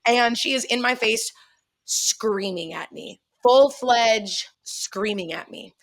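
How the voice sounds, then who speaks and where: A woman's voice: on the high side, takes it slowly, creaky. A woman co-hosting a podcast who tells a personal story in casual chat. She speaks bluntly, swears a lot and laughs often. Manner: profane, blunt and animated. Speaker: podcast co-host.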